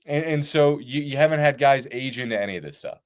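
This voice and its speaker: Male football analyst, casual, blunt, conversational, mid-pitch voice. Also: quick pace. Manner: casual, profane, lists points with "like" and "right?". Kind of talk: postgame sports analysis.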